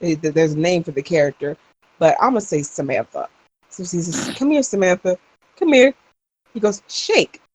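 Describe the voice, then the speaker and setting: A woman's voice: lowish voice, animated, moderate pace, darkish tone, no echo, rough recording. A young adult woman co-hosting a podcast, telling a story in casual chat and acting out the people she quotes. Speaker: podcast co-host.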